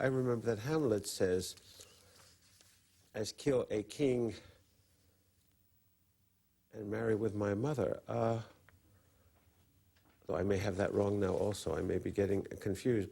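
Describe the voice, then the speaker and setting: Gravelly, deep-voiced older man, hesitant. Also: dark tone. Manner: halting, many filler pauses and stammered restarts. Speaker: interview guest, literary critic. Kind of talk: call-in interview answers. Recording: on-air broadcast interview.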